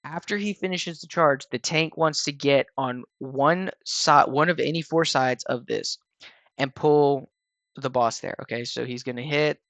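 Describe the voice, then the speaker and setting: A man talks viewers through a game fight in an easygoing, rambling voice-over full of "um"s, "like"s and restarts. His voice sits at an ordinary middle pitch and sounds a bit tired. The recording is dry and close, with no room sound. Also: unhurried, dry recording. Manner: relaxed and rambling, with frequent fillers and restarts. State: tired, yawning. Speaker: gaming channel host explaining a raid. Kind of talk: casual gameplay walkthrough voice-over.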